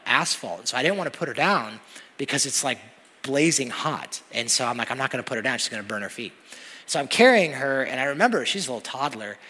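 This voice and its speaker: A man preaching a sermon as pastor, telling stories in an animated way that builds to loud, emphatic peaks. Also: mid-range voice. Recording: long hall reverb.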